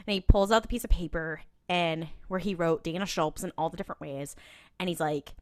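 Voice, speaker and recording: A woman's voice: lowish voice, fairly quick, dry recording, clean studio sound. A woman co-hosting a podcast, recapping an episode in a chatty way, laughing often and acting out quotes. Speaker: podcast co-host. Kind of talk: casual rewatch recap.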